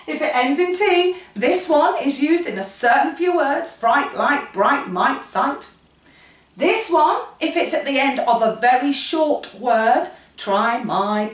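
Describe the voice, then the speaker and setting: A woman's voice: high voice, far from the mic. A woman giving a playful phonics lesson to children, telling the letters' sounds as little stories. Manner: playful storytelling, animated. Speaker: phonics teacher. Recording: echoey room, voice a bit off-mic.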